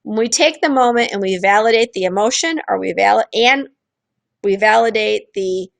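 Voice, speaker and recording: A woman's voice: medium pitch, normal speed, gravelly, dry recording. A woman hosting a streamed show, explaining ideas in a candid, casual way and acting out quoted voices, with frequent restarts.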